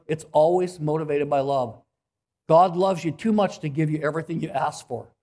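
A man preaches in a notably high voice. He delivers an earnest sermon, repeating key phrases and clearing his throat now and then. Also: darkish tone. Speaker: pastor.

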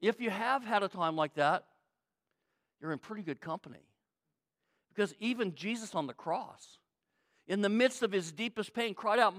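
High-voiced preacher man, emphatic. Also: moderate pace, pauses often. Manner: emphatic, repeats phrases, swings from quiet to loud. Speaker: pastor. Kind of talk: sermon.

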